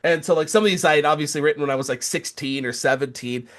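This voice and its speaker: A man's voice: fairly high pitch, fast talker, fairly bright tone. A man co-hosting a casual podcast, telling rambling stories with stammered restarts and sarcastic jokes. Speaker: podcast co-host.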